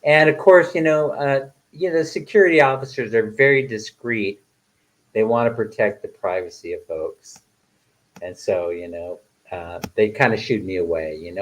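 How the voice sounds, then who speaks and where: A man's voice: lowish voice, normal speed, low-quality recording. A retired man in his sixties, chatting casually on a live stream, reading comments aloud and laughing often between fillers. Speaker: vlogger reading live chat.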